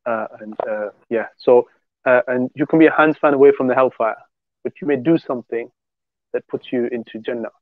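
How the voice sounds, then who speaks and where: A man's voice: medium pitch, fairly quick, no room sound. Male co-host, casual rambling teller, phone-quality dry audio. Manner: rambling storyteller with many restarts. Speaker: podcast co-host. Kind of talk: casual religious discussion. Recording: tinny phone-like dry sound.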